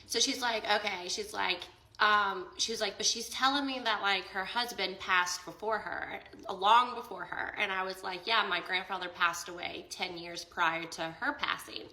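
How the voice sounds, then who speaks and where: In a rough, roomy recording, a young woman with a sharp, mid-range voice speaks at normal speed with fairly even intonation. She tells an emotional personal story in a casual vlog, quoting both sides of a conversation and saying "like" a lot, and grows tearful near the end.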